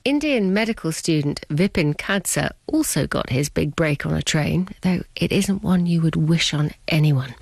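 Low-voiced female radio presenter. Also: no room sound. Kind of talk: scripted broadcast narration.

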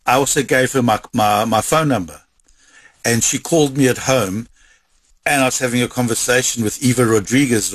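A husky-voiced man tells a story from memory. He gets animated and stumbles over repeated words as he rushes ahead. The sound is dry and close to the mic. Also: medium pitch, no echo. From South Africa. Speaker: interviewee, website content creator. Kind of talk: storytelling recollection.

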